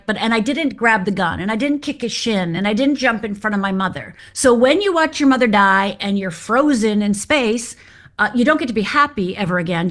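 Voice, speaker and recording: A woman's voice: mid-range voice, a bit bright. A middle-aged woman from Upper Michigan, a guest on an interview show, telling her life story in a candid, direct and wry way.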